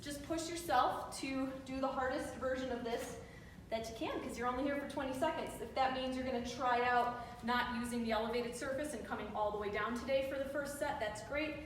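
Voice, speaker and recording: Brief: young female fitness instructor, high voice, winded and encouraging, recorded from across a reverberant room. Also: a little fast, slight background noise. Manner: upbeat encouraging cues, counting down reps. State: out of breath. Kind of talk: live workout coaching. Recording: echoey room with reverb, mic far off.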